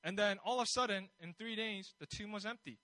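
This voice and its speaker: A man's voice: high-pitched, a little fast, sharp tone, no room sound, poor audio. A man preaching a sermon in a conversational way, building his points with rhetorical questions and bold emphasis.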